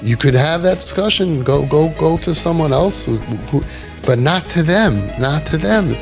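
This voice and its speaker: A man's voice: a little high, normal speed, vocal fry, soft background music. A man counseling parents in a group, talking animatedly, repeating phrases and acting out what people say. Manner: animated, repeats himself, acts out quoted people. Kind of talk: advice talk to parents.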